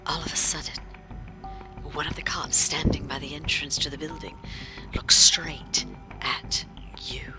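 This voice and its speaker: A woman game master giving whispered role-play narration in hushed, suspenseful tones and talking with her viewers. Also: deep voice, little pitch movement, measured pace, pauses often. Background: music.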